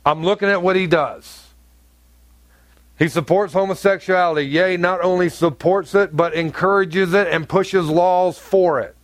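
A male pastor preaching a sermon, emphatic, his voice swinging between high loud peaks and low quiet stretches. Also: fairly even intonation, unhurried, no room sound. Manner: emphatic preaching with wide swings in pitch and volume.

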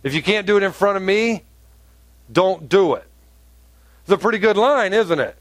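A man preaching a sermon as pastor, animated and rising to emphatic peaks. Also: sits high, normal speed, no room sound.

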